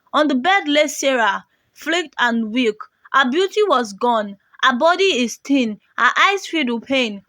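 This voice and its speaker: A woman narrating a moral folktale in a dramatic, measured reading. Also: sits high, pushed and bright, dry recording. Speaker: storyteller.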